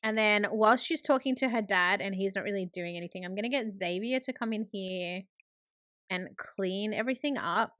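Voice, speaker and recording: A woman's voice: medium pitch, a bit bright, no echo, clean studio sound. A woman hosting a gaming channel, giving chatty, upbeat running commentary on her play. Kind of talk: let's play narration.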